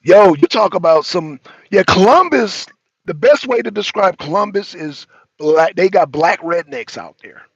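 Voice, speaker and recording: A man with a notably high voice talks in loose, animated chat, cursing freely and often breaking into laughter. He stumbles over and repeats words as he goes. The recording is dry and dull, like a lo-fi stream. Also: a little slow, vocal fry, breathy edge, dry recording. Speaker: talk show panelist. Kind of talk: casual chat.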